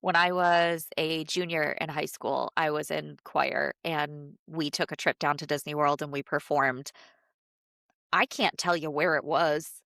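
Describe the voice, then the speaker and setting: A woman with a low, nasal voice, still stuffy from a cold. She chats casually as a podcast co-host, leaning on fillers. The sound is dry and close, with no room around it. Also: fairly even intonation, a little slow, vocal fry, fairly bright tone, no room sound. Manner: chatty, many fillers, laughs often. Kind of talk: casual chat.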